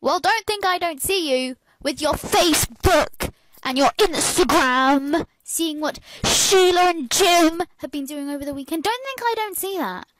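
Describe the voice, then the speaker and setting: A woman tells a sassy, chatty storytime in a high voice. Her pitch swoops up and down as she talks. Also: lively intonation, a little slow, background noise. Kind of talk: storytime narration.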